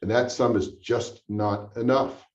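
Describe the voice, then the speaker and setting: A man's voice: mid-range voice, fairly even intonation, measured pace. A man answering questions at a town hall in a blunt, sarcastic manner. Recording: roomy, distant, dull sound.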